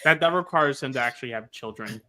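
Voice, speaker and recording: A man co-hosting a casual podcast chat, quick and joking. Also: medium pitch, bright, forceful tone. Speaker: podcast co-host.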